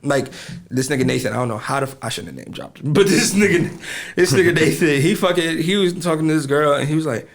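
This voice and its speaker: A man co-hosting a casual podcast, trading blunt, slangy stories and breaking into loud laughter. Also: on the high side, animated, fairly quick. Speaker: podcast co-host. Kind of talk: casual chat.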